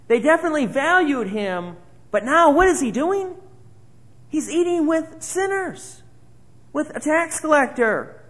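A man's voice: high voice, fairly bright tone. A man preaching a conversational sermon, asking his listeners many rhetorical questions. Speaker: pastor.

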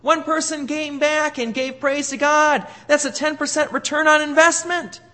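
A man's voice: extremely high pitch, fairly even intonation, moderate pace, bright, forceful tone. A man preaching a sermon as pastor, leaning hard on key words and swinging his emphasis for effect.

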